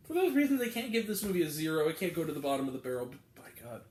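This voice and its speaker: Man, movie reviewer, high voice, exasperated rambling, echoey room. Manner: animated, exasperated, rambling with many fillers. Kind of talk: casual spoken film review.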